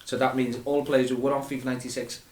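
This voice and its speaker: A man's voice: medium pitch, flat delivery, fast, a little mellow. A man with a Liverpool accent, co-hosting a podcast in casual chat and telling rambling anecdotes. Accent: Scouse. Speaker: podcast co-host. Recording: echoey room with faint noise.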